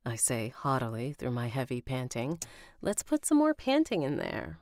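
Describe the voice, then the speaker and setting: A woman's voice: a bass voice, wildly swooping pitch, moderate pace, darkish tone, no echo, clean studio sound. A woman recording an audiobook on a live stream, rereading lines and stopping to comment and laugh at herself. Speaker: audiobook narrator.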